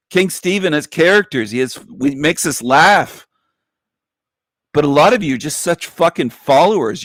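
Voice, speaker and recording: Hosting a livestream show, a man rants in a mocking, profane, combative way and slips into sarcastic, whiny falsetto impressions. His voice is creaky, and the recording is dry and studio quality.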